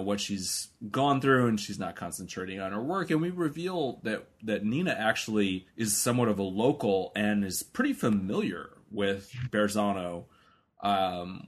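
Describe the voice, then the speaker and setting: A man co-hosting a casual chat, laying out plot points in a measured way. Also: lowish voice. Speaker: podcast co-host.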